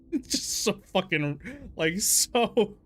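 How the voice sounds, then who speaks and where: A man's voice: sits high, expressive, very slow, fairly bright tone. Swearing casual man streamer. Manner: rambling, swears freely, laughs at himself. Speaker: streamer playing a story game. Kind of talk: casual let's-play commentary.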